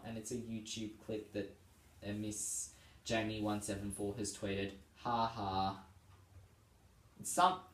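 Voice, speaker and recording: A tired man hosting a vlog, reading tweets aloud in casual chat and laughing often between them. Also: medium pitch. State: tired and yawning. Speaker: vlog host. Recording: roomy sound, distant from the mic.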